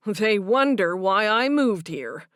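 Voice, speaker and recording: A woman's voice: medium pitch, lively intonation, slow, fairly bright tone, clear, resonant tone, dry recording, studio quality. A woman voicing a young man trading wry jokes with his older brothers.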